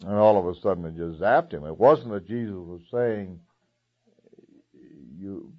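A man's voice: low voice, fairly quick. A man preaching a conversational sermon, chuckling now and then, with many "uh"s and restarts. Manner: conversational, with chuckles and filler words. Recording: dull lo-fi recording.

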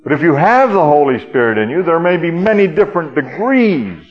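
A man's voice: a little high, big pitch swings, brisk. Earnest preacher man, lo-fi sermon. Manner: earnest teaching with many hesitations and "uh" fillers.

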